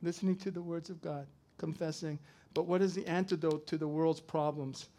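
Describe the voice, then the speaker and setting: A middle-aged man preaching a sermon, swinging from loud to soft as he tells a story. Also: fairly high pitch, steady tone, moderate pace. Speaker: pastor.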